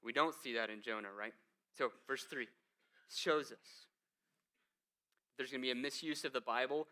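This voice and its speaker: A man's voice: mid-range voice, normal speed, pushed and bright. A male lead pastor preaching a conversational sermon, full of rhetorical questions and emphatic asides.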